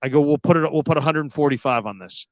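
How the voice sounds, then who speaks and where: A radio host telling a long story in casual chat, acting out the people in it with loud, high outbursts. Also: male voice, fast, no echo. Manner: animated, acts out quoted people with sudden loud high outbursts.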